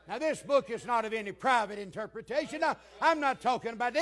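An older man preaching a sermon, moving between hushed storytelling and fervent shouting. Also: sits high, expressive, brisk, hardly any pauses.

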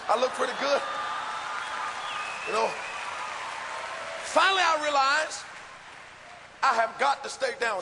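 A man doing stand-up comedy, telling an animated story and acting out scenes on stage. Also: very high voice, unhurried, pauses often, a loud crowd, heavy background noise. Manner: animated, acts out scenes, gasps and shouts. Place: stage before a live audience. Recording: live hall with audience ambience.

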